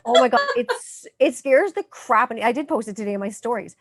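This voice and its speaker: A woman in her thirties hosts a casual podcast chat with a fairly high voice. She talks in an animated rush of fillers and casual swearing. The sound is dry and close, with little room around it. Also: fast talker, no room sound. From Canada. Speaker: podcast host.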